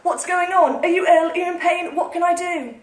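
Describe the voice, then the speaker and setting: A woman's voice: very high voice, sing-song, fairly quick, darkish tone, voice pushed up. A woman author voicing a concerned young woman who asks anxious questions. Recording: echoey room, distant mic, audience laughter.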